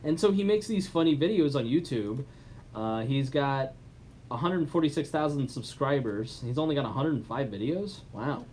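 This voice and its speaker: A man co-hosting a podcast in casual chat. His voice sits at an ordinary middle pitch. He talks loosely, stumbling into fillers and restarts. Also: animated, moderate pace, darkish tone, slight background noise. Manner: chatty, with frequent restarts and fillers. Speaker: podcast co-host.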